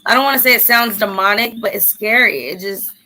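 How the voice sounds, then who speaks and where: A woman hosting a casual livestream chat, blunt and animated, sometimes trailing off into near-whispers. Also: medium pitch, a little fast, a little hiss or hum, low-quality recording. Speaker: livestream host.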